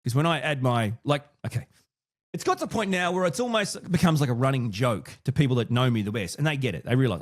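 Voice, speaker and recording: Man, podcast host, casual solo talk, animated pitch, mid-range voice, frequent restarts. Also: fast talker. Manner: thinks aloud, with many restarts and asides.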